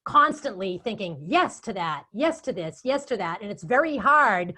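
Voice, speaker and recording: Boston-accented woman, interview guest, animated chatty delivery. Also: medium pitch, moderate pace. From Boston area. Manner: chatty, animated storytelling with quoted asides. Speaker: guest speaker and event moderator. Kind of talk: casual interview chat.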